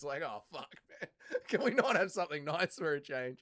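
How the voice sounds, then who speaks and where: A man's voice: on the high side, very animated, moderate pace, a bit bright. A young Australian man hosting a casual fight watch-along stream, joking, swearing and answering chat. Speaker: livestream host.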